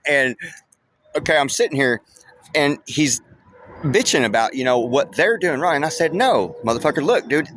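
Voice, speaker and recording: A man's voice: mid-range voice, expressive, moderate pace, pauses often, a bit bright. A middle-aged man telling a story in a rambling, blunt, profane way, with lots of filler words. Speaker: vlogger. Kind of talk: casual storytelling vlog. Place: waiting at a work site. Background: background music.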